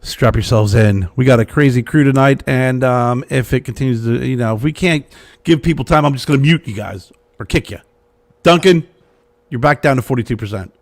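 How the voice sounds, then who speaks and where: A man hosting a live online cigar show, teasing his guests and rattling off quick announcements. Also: medium pitch. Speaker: host.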